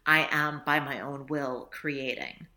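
A woman's voice: a bass voice, fairly even intonation, takes it slowly, sharp tone. A woman author talking reflectively in a casual interview, laughing often and acting out little dialogues. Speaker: author guest.

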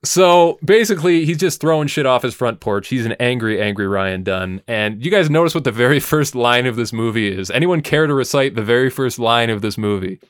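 A man's voice: mid-range voice, expressive, a little fast, few pauses, clear, resonant tone, dry recording, clean studio sound. A man hosting a casual movie-review chat, sarcastic and swearing freely as he walks through the plot.

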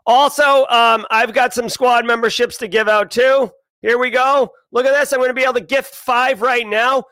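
High, bright Boston host. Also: male voice, moderate pace, no room sound. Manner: energetic, rambling, self-joking. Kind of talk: casual live-stream chat.

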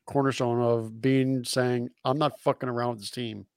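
A man's voice: mid-range voice, little pitch movement, normal speed, clean tone, no room sound. Laid-back podcast guest man, dry sound. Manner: laid-back, laughs easily, swears casually. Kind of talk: casual chat.

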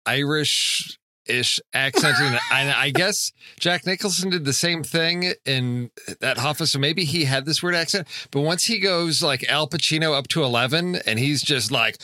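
Bright-voiced chatty man explaining films. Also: fairly high pitch, moderate pace, dry recording. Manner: chatty, explaining, stammering restarts. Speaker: podcast co-host. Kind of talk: casual movie chat.

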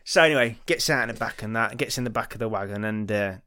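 A man's voice: fairly low pitch, quick pace, sharp tone, no echo. Male podcast host, crude and rambling, dry close mic. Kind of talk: casual chat, joke telling.

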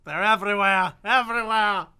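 High, bright jokey man. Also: fairly quick, clean tone. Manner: jokey, riffs with silly bits and put-on voices. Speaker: podcast co-host. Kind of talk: casual chat.

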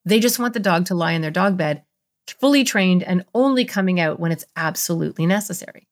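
A woman's voice: on the low side, fairly quick. A middle-aged woman, a therapist, explaining ideas in a podcast interview and acting out little voices in her examples. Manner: animated, acts out voices in examples.

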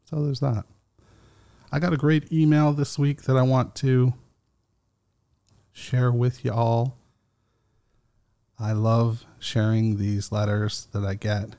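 A man hosting a casual solo podcast, talking slowly and haltingly with many fillers, still foggy after an edible. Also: medium pitch, flat delivery, dark tone. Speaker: podcast host.

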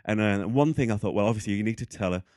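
A man from England, a guest in a casual interview, talking in an excitable, rambling way and often losing his train of thought. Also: lowish voice, racing, dry recording, clean studio sound.

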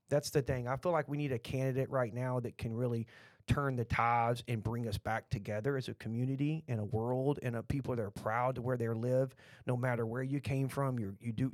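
A man's voice: mid-range voice, steady tone, brisk, darkish tone, dry recording. A middle-aged man with a Texan accent, talking bluntly in a rambling, opinionated podcast chat full of restarts.

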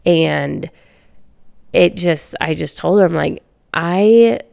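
A woman's voice: deep voice, level tone, slow pace, creaky, darkish tone, no echo, studio quality. A woman in her thirties hosting a faith podcast, chatting casually, laughing often and restarting her sentences. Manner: giggly, rambling with many restarts. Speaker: podcast host.

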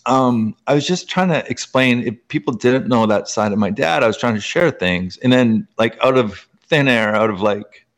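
A man from Canada, a guest author, telling personal stories in an interview, full of fillers and sudden jumps up in pitch. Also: normal speed, few pauses. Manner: animated, filler-heavy, frequent jumps up in pitch. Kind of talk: emotional personal storytelling in an interview.

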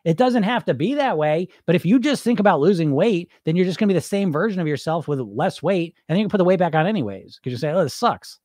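A man's voice: high voice, lively intonation, fast, hardly any pauses, darkish tone, no room sound, studio quality. A man hosting a weight loss podcast, talking bluntly and emphatically, often laughing and mimicking what dieters say. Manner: blunt and emphatic, with frequent laughs and mock-quoted voices. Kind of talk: casual podcast monologue.

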